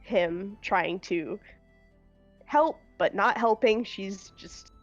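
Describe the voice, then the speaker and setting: A woman narrates a tabletop game as game master, taking her time and filling pauses. Her voice sounds dry and close but a little dull and lo-fi, with soft music playing behind her. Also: mid-range voice, no room sound. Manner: unhurried, laughing, with many fillers.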